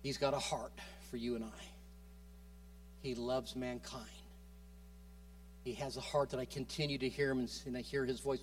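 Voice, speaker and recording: A man preaching a sermon with passion, moving between loud urging and quiet soft passages, often repeating and restarting his words. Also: mid-range voice, flat delivery, moderate pace, pauses often, recorded from a distance, slight background noise.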